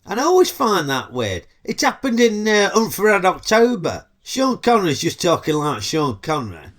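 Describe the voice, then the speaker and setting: A man's voice: high-pitched, wildly swooping pitch, normal speed, fairly bright tone. A middle-aged man with a Yorkshire accent, hosting a chatty, cheeky comedic film review full of dialect banter. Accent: Northern English, Yorkshire.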